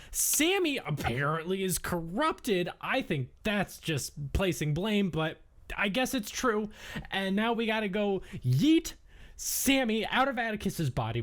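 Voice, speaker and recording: A player in a tabletop game explaining things in a fast, excitable way. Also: medium pitch. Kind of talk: casual tabletop play.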